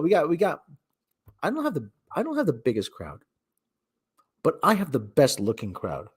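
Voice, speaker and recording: A man's voice: fairly high pitch, sing-song, moderate pace, pauses often, a little mellow, breathy edge. A man hosting a casual solo livestream, rambling and cutting himself off, with mock radio-announcer asides. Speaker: livestream host.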